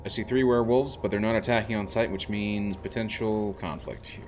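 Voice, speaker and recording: A man's voice: lowish voice, steady tone, brisk, darkish tone, slight background noise. A man streaming a video game, thinking aloud in a rambling, self-deprecating way. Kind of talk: casual gameplay commentary.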